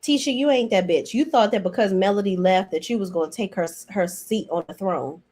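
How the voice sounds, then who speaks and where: A woman in her forties giving a blunt, profane, sassy reality TV recap rant as host. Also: brisk. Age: 40s. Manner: mocking and animated, swings between high and low. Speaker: commentary host.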